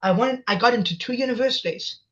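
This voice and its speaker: A man's voice: very high voice, fast, a bit bright. A man in his twenties, a guest in an interview, talking with passion and insistence and repeating his points. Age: 20s. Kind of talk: emotional conversational interview. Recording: dull lo-fi audio.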